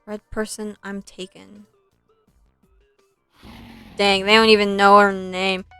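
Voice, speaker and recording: A woman's voice: mid-range voice, little pitch movement, slow pace, fairly bright tone, clean tone, faint music behind. A young woman streaming a video game, chatting casually and retelling a film in between plays, with lots of likes and ums. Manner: chatty, scattered, filler-heavy, swears at the game.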